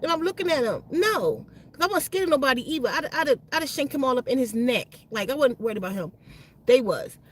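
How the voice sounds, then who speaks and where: A woman hosting her own channel, telling a personal story in slangy, animated speech that repeats and restarts words. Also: high-pitched, fast talker, slight background noise. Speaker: channel host.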